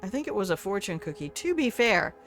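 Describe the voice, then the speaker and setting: A woman's voice: medium pitch, very animated, fairly quick, fairly bright tone, soft background music. An older woman chatting casually as she streams a video game. She talks back to the game and swears offhandedly. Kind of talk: casual live-stream gameplay commentary.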